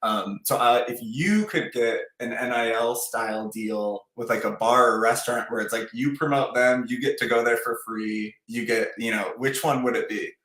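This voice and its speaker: Bright, chatty man host with a roomy echo. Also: mid-range voice, moderate pace, hardly any pauses. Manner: rambling, filler-heavy, chatty. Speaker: podcast host. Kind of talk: casual interview chat. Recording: roomy echoey sound.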